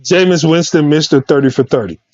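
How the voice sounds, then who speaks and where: A high-voiced man with a Southern US accent tears into football takes in a loud, repetitive, profanity-laced comic rant. His voice is recorded close and dry, with a dull, lo-fi edge. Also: a little fast, no room sound. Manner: loud, repetitive, trash-talking. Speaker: sports podcast co-host.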